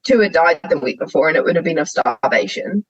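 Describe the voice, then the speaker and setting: A woman's voice: low voice, lively intonation, fast talker, husky, no echo, lo-fi sound. A young woman, a sheep shearer guesting on a podcast, talking frankly and animatedly, laughing often as she tells stories. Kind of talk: candid conversational interview.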